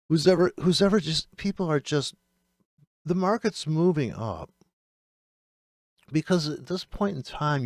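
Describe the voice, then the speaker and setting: A man's voice: medium pitch, no room sound, studio quality. A man hosting a trading channel, ranting with exasperation and swearing freely as he picks apart other traders' videos. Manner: exasperated, profane, rapid-fire rant.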